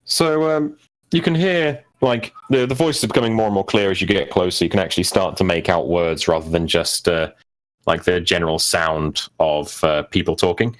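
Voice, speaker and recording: A man's voice: low-pitched, steady tone, moderate pace. A man running a tabletop game as game master, narrating hesitantly with many fillers.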